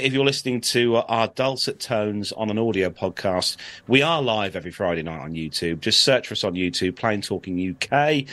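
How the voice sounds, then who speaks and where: A man's voice: lowish voice, fairly bright tone. A man hosting a live aviation podcast, chatting casually and reading news aloud with frequent "uh"s. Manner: friendly, chatty, reads news aloud with filler "uh"s. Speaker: podcast host.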